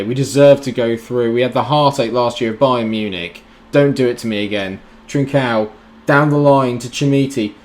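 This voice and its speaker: A man doing let's-play commentary on a football management game, talking to the players on screen and cheering loudly at big moments. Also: medium pitch. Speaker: gaming YouTuber.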